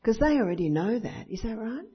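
Woman teaching an audience in a lively talk, husky tone, muffled lo-fi sound. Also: on the high side, brisk. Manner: acts out dialogue, often asks the audience for agreement. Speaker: parenting teacher at a church talk. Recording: dull lo-fi recording.

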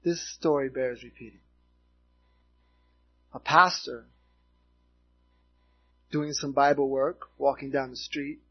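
A middle-aged man from Miami preaching a sermon in an earnest, halting way, telling a story between points, in a dull lo-fi recording. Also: medium pitch, fairly even intonation, slightly rough. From Miami, United States. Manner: earnest, halting, with restarts and asides.

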